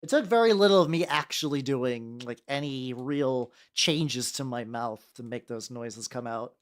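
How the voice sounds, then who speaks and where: A man's voice: mid-range voice, measured pace. A young man streaming as a VTuber, chatting casually and rambling while he paints miniatures, with frequent restarts and self-deprecating jokes.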